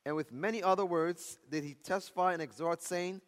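A man preaching a sermon with passion, swinging from loud cries down to hushed near-whispers. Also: high voice, lively intonation, fairly quick, hardly any pauses, long reverb tail.

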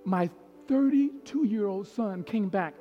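A middle-aged man preaching a storytelling sermon as a pastor, swinging from hushed tones to loud peaks. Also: sits high, lively intonation, slow, muffled recording. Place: large church hall. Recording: long hall reverb with faint piano. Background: soft piano.

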